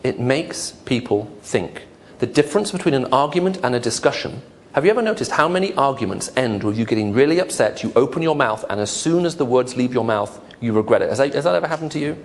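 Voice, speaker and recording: A man's voice: mid-range voice, animated, fast. A man giving a humorous lecture to an audience, asking rhetorical questions. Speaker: lecturer on apologetics. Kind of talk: lively lecture to a live audience.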